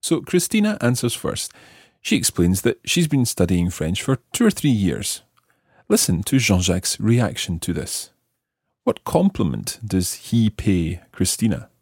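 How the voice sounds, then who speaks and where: Husky man teaching a lesson. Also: lowish voice, very animated, unhurried, a little mellow, no echo, studio quality. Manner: patient, clear explanations with repeated phrases. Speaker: language teacher host. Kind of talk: explaining a language lesson.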